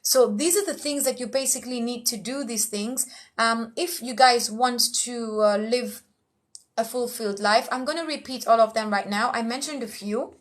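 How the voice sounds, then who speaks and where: A woman emcee giving motivational life tips in casual talk, frank and animated, sometimes acting out quoted voices. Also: a little high, moderate pace. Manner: frank, blunt, lightly profane.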